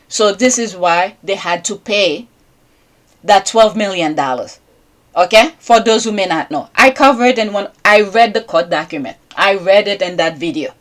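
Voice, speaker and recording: A woman who speaks English as a second language hosts her own podcast in a loose, rambling commentary. She keeps pausing to ask her listeners "okay?" while her voice sits at an ordinary middle pitch. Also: animated. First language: not English. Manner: rambling, checks in with repeated "okay?". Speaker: podcast host. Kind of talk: casual commentary monologue.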